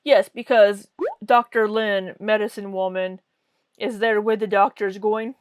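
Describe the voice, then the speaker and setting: A woman's voice: medium pitch, fairly even intonation, unhurried, clear, resonant tone, no room sound. A woman hosting a reaction commentary with a sarcastic, mocking way of talking. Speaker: commentary host.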